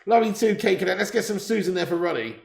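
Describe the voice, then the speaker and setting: A gravelly, fairly high-pitched man chats loosely with his livestream audience, joking, laughing and swearing freely. He's on a makeshift setup away from home, and his voice carries a roomy echo. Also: expressive, fast, a little mellow. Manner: jokey, laughing, swearing banter. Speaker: livestream host of a football watch-along. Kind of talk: casual livestream chat reading viewer messages. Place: temporary setup on a trip in Spain.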